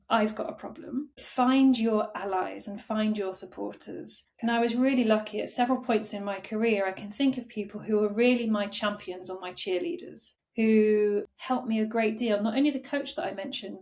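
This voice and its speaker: A woman, a career coach, speaking as a guest in a casual podcast conversation, animated and acting out her own remembered thoughts with frequent laughter. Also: medium pitch. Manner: animated, acts out quoted thoughts, laughs often.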